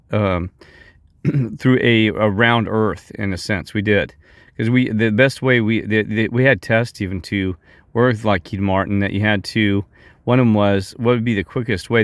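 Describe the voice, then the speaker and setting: Rambling low-voiced middle-aged man. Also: no echo, clean studio sound. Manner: heated, digressive, many restarts. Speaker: vlogger. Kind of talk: rambling off-the-cuff monologue.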